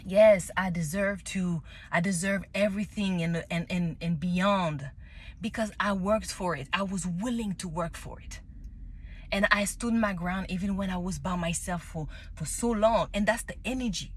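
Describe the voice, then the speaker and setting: A woman's voice: fairly low pitch, normal speed, breathy edge. Candid woman telling a personal story. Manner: candid and emotional, many restarts and laughs. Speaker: tarot reader sharing a personal story. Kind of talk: casual spoken monologue.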